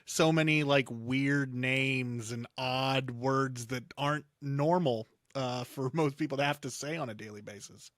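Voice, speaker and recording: A man's voice: mid-range voice, fairly even intonation, a little slow, hardly any pauses, a bit bright, no room sound, studio quality. A man hosting an interview, asking questions with hesitant, filler-heavy phrasing. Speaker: interviewer host.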